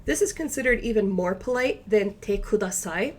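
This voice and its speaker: A woman teaching a recorded language lesson, explaining each point patiently step by step and slowing down for the example phrases. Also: mid-range voice, animated, a little mellow.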